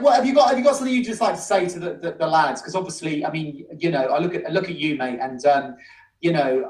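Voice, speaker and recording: Effusive male host, echoey and distant. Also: fairly high pitch. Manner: warm, effusive praise, calls guest "mate". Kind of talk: casual interview chat.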